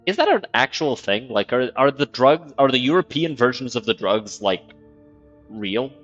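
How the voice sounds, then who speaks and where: A man streaming a game, chatting loosely with some swearing, his voice pitched right in the middle of the usual range. The sound is slightly dull and lo-fi. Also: animated, moderate pace, fairly bright tone, faint music behind. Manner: loose and profane, thinking aloud. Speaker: gaming streamer. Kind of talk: casual gameplay commentary.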